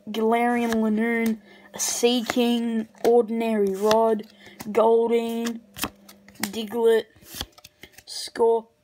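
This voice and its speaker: A woman opening trading card packs on camera in casual commentary, breaking into excited shrieks over good pulls. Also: on the high side, a little hiss or hum, low-quality recording.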